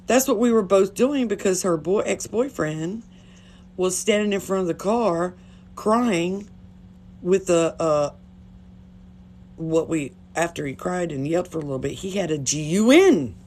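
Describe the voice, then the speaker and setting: A woman's voice: fairly low pitch, lively intonation, unhurried, a little hiss or hum. A woman talking casually on a phone livestream, blunt and chatty, swearing freely. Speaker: livestream host.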